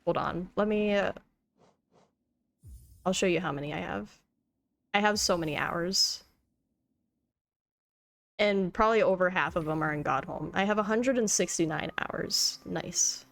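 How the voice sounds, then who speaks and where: A young woman streaming a game live, chatting with viewers and getting emotional and excited, laughing often. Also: fairly low pitch, measured pace, vocal fry, pauses often. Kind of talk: live gameplay stream chat.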